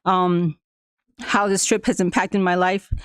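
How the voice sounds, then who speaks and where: A woman whose first language is Spanish tells a school board about a trip. She talks haltingly, with fillers and restarts, and laughs often. Her voice is smooth and clear, and the recording is dry and close. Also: on the low side, steady tone, no echo. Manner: laughs often while telling a story. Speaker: school staff member addressing the board. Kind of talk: personal account at a public meeting.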